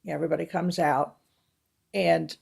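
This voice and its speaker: A woman co-hosting a casual film review chat, retelling movie scenes with animated storytelling. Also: low voice, moderate pace, vocal fry, husky. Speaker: podcast co-host.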